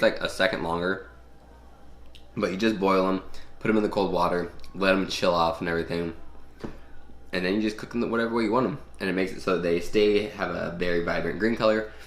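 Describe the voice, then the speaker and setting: A man's voice: low-pitched, fairly bright tone, roomy sound. A man hosting a casual cooking and fitness vlog, chatty and full of ums as he tastes his food. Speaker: fitness vlogger.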